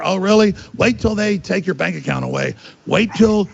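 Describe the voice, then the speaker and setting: Gravelly, ranting man with lively pitch. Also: normal speed, dull audio. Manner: ranting, indignant, emphatic. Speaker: guest. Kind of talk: heated interview talk.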